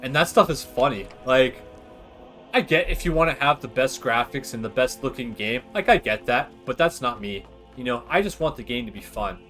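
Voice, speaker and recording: Rambling male gamer streamer, mid-pitched. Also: lively intonation, normal speed, a bit bright, faint music behind. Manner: rambling, filler-heavy, opinionated. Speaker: livestream gamer. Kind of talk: casual gaming commentary.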